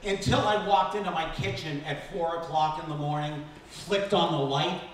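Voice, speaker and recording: A man in his fifties doing a stand-up comedy set at a benefit concert, talking in an animated, jokey, self-deprecating way. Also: fairly high pitch, moderate pace, slight background noise. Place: stage at a benefit concert in a temple. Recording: echoey room from far off with faint ambience.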